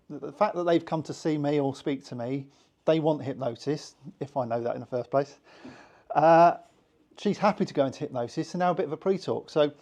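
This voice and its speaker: A man's voice: on the high side, darkish tone. A man with a British accent teaching hypnosis to a small group in a chatty, informal way, acting out little voices in his examples. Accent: British English. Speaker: hypnosis instructor.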